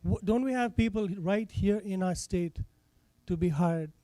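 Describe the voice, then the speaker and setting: A man's voice: high voice, a little slow, dark tone. A man with a foreign accent giving an impassioned public comment at a town hall meeting, earnest and repeating his phrases. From not from this state.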